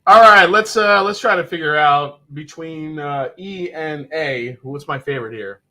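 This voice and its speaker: A man's voice: on the high side, measured pace, pushed and bright. A man hosting a casual livestream, loose and joking and sometimes profane. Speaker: livestream host. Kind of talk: casual live chat.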